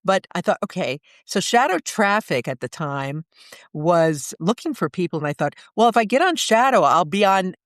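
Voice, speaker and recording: An older woman with a New York accent, telling lively stories as a guest in an interview and acting out the people in them. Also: on the low side, moderate pace, no echo, clean studio sound. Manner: lively storyteller, acts out voices. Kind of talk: storytelling interview.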